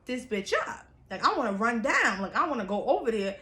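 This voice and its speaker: A woman's voice: a little high, big pitch swings, brisk, bright, forceful tone, echoey room. A woman quoting a furious hot-tempered friend. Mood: angry. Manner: heated, blunt street talk.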